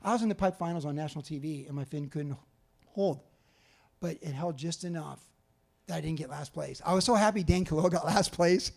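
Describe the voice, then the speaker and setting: Animated high-voiced man in his 60s. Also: a little fast, gravelly. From California. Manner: animated, acts out other people's lines. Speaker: author giving a talk. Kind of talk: storytelling presentation. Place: museum talk before an audience.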